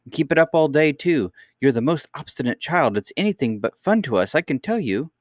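A man's voice: expressive, a little fast, dry recording, studio quality, natural voice. A man voicing an angry woman nurse who scolds a child in a storybook reading. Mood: scolding. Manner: scolding, shrill, rude. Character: scolding, shrill woman nurse, easily angered.

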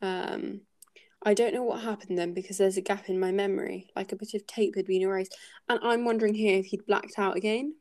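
A woman's voice: mid-range voice, fairly even intonation, brisk, darkish tone. A woman hosting a casual book-club podcast, thinking aloud and hesitating with many fillers as she talks through a chapter.

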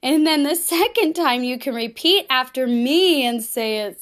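A woman teaching a children's class, speaking slowly and with exaggerated, bubbly emphasis for young kids. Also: high voice, animated, a bit bright. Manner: bubbly, frequent laughs. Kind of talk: children's lesson, sing-along.

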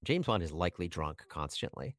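A man on a podcast, talking about movies in an animated, joking way and firing off rhetorical questions. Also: deep voice, a little fast, no echo, clean studio sound. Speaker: podcast co-host. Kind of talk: casual movie discussion.

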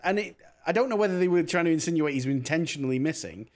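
A man's voice: on the high side, lively intonation, fast talker. A man casually recapping a film plot in a wry tone, with some swearing. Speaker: podcast co-host.

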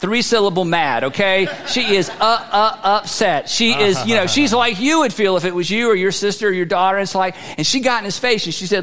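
A man preaching a sermon as a pastor, telling a story in a conversational way with halting restarts. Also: high voice, lively intonation, fairly bright tone. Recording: long hall reverb.

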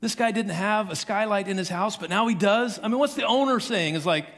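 A man preaching a sermon, telling the story in an animated way and acting out the voices of the characters. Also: high voice, fairly quick, big-room sound. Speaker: pastor.

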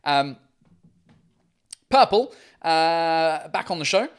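Hosting a casual livestream from home, a man rambles through viewer comments with plenty of fillers and curse words. His voice is fairly high-pitched, expressive, and smooth, and he speaks slowly.

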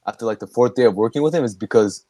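A young man hosts a podcast in a mellow, medium-pitched voice, racing along on a dry recording. It's casual chat: he rambles, restarts his sentences and laughs often.

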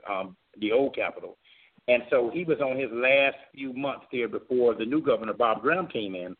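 A man from Florida tells a long personal story to a talk show host, earnest and steady at a middle pitch. He acts out the voices of the people in his tale. His voice comes through a thin, tinny line that sounds like a phone. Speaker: guest, former governor candidate.

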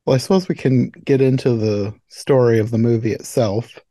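A man's voice: medium pitch, moderate pace, mellow, no room sound. A man hosting a podcast, chatting casually about a movie with many fillers and frequent laughs. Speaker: podcast host. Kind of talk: casual chat.

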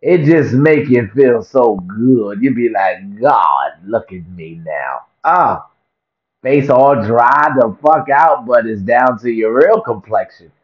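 In a dull, lo-fi recording, a male vlogger with a medium-pitched voice rants slowly to camera. His comedic rant is profane and animated, and he repeats himself for effect.

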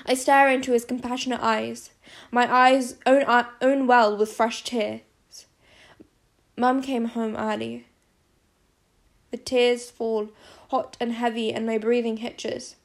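Female narrator, slightly high, creaky and level, steady first-person reading. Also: slow pace. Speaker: audiobook narrator.

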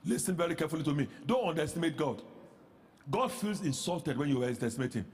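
High-voiced pastor guy preaching loud, big swings in pitch, echoey hall. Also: quick pace. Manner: animated preaching, rising to shouts and rhetorical questions. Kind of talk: sermon.

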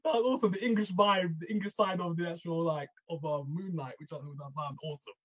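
An excitable man co-hosting a casual chat about a TV show, with a notably high, husky voice. He laughs often and swears freely. The recording is muffled and dull. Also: fast. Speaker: podcast co-host.

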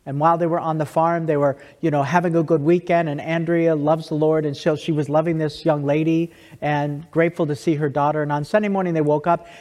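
A man's voice: on the high side, flat delivery, a little fast, few pauses, darkish tone. Man telling stories in a reverberant hall. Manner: conversational, with many restarts and asides. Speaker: speaker giving a testimony. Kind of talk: storytelling talk to an audience.

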